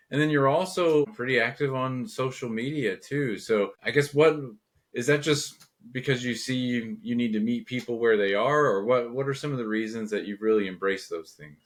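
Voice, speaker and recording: A man hosting a podcast, asking interview questions in a conversational, loosely phrased way. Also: fairly low pitch. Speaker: podcast host.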